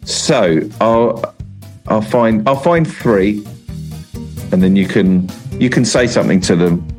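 A man's voice: fairly low pitch, lively intonation, slow pace, a little mellow, soft background music. A man hosting a podcast in casual chat, running it in a playful, game-show-like way. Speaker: podcast host.

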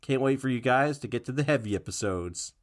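A man's voice: mid-range voice, brisk. A man co-hosting a podcast in casual chat, joking and self-deprecating. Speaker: podcast co-host.

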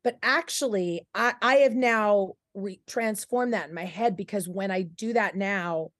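A woman's voice: mid-range voice, measured pace, dry recording, clean studio sound. A woman co-hosting a podcast, talking in a rambling, candid way and acting out the voices in her head. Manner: rambling, acts out her inner voice. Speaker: podcast co-host. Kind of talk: casual conversation.

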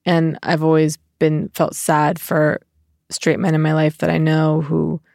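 A woman comedian chatting animatedly in an interview, with many fillers and quick laughs. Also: low voice, completely flat delivery, vocal fry, a little mellow, no echo, studio quality. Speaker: comedian, sketch co-creator. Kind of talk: casual interview chat.

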